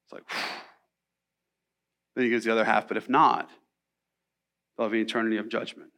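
A man preaching a sermon in a church, animated and conversational, with casual asides to the congregation. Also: fairly low pitch, a little fast, creaky. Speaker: pastor.

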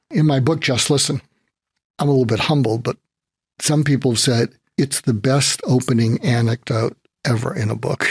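Older male psychiatrist guest, gravelly husky voice, dry close sound, lively storyteller. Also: medium pitch, no room sound. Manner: animated anecdote teller, acts out his own lines. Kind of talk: storytelling in interview.

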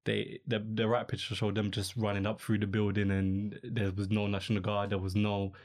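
A man's voice: fairly low pitch, completely flat delivery, normal speed. A young man hosting a podcast, chatting casually in a rambling, slang-filled way. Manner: rambling, laid-back, peppered with slang and fillers. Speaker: podcast host. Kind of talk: casual chat.

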